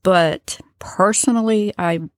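A woman's voice: mid-range voice, takes it slowly, no room sound, studio quality. A woman hosting a true-crime podcast, talking casually as she explains events and reads from a transcript. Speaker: podcast host.

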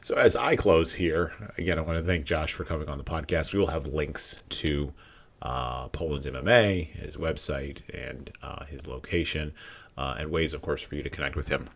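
A man hosting a podcast, wrapping up an interview in a relaxed way with frequent fillers. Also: extremely low pitch, normal speed, vocal fry. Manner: relaxed, loose closing wrap-up with fillers. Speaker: podcast host.

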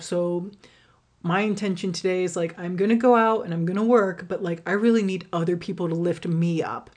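A young woman talks through a personal story on her podcast, candid and rambling, tossing in swear words and plenty of "like" and "um". Her voice sits a little low for a woman, and the delivery is loose and conversational. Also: brisk. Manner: candid, rambling, swears freely, many fillers. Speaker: podcast host and rideshare driver.

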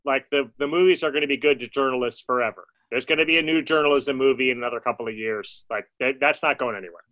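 A man co-hosting a music podcast, animated and opinionated in casual chat. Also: medium pitch, quick pace, rough recording. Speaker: podcast co-host.

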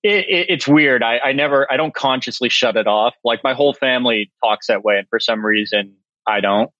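A man's voice: mid-range voice, brisk, a bit bright, no echo, dull audio. Wry self-mocking chef in his forties. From Massachusetts. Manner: dry, self-mocking, laughs often. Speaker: chef, guest. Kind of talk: casual interview chat.

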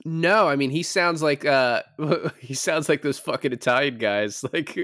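A man co-hosting a podcast, reviewing a film in casual chat, animated and swearing freely, laughing often. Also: a little high, a little slow, no echo, clean studio sound. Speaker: podcast co-host.

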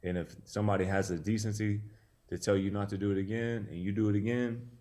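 Deep, dark-voiced man telling a story. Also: little pitch movement, fast talker. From Tennessee. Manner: laid-back storytelling, many fillers. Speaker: boxer guest. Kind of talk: casual podcast interview.

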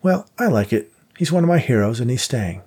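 A man's voice: mid-range voice, sing-song, a little fast, a little mellow, slightly rough, voice pushed up. A man voicing a quirky, insistent woman professor who performs magic on the side, in an audiobook. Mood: playful.

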